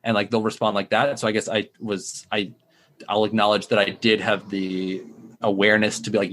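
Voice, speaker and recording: Young male founder in recovery, candid and rambling, fillers throughout, fairly low voice. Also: little pitch movement, a little fast, fairly bright tone, a little hiss or hum. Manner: rambling, heavy use of "like" fillers. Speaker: startup founder in addiction recovery. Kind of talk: candid interview answers.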